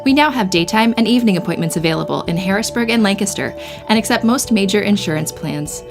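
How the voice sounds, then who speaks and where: A woman reading a scripted sponsor ad in a smooth, promotional delivery. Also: medium pitch, quick pace. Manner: warm, even promotional delivery. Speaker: ad announcer. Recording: music bed behind.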